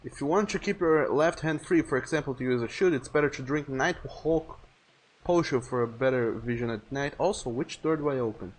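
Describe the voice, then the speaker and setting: A man's voice: mid-range voice, brisk, breathy edge. A man streaming a video game live, chatting casually, reading viewer messages aloud and swearing freely.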